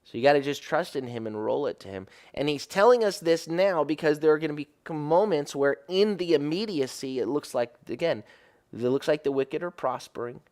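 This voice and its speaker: A man's voice: a little high, lively intonation, brisk, darkish tone. A man preaching a sermon as rabbi, explaining Hebrew words and often asking "right?". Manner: teaching Bible verses, explaining Hebrew words; repeats and restarts phrases, asks "right?".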